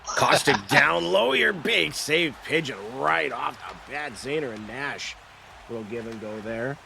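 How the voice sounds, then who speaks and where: Guy doing play-by-play for online hockey, fast calls, voice leaps up on goals, faint hiss behind. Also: lively intonation, vocal fry, pushed and bright. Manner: rapid calls, jumps up in pitch on goals. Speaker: play-by-play commentator. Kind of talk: esports play-by-play commentary.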